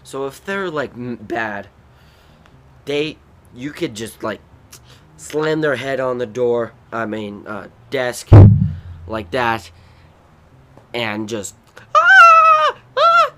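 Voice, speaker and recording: A man hosting a podcast, telling rambling, animated stories about his family. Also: mid-range voice, slow, long pauses, very noisy. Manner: rambling, animated, bursts into loud acted shrieks. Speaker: podcast host. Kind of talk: casual storytelling.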